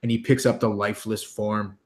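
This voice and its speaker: A man with a fairly low voice narrates as game master of a tabletop game. He talks haltingly, with frequent ums and restarted phrases. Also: little pitch movement, a little mellow.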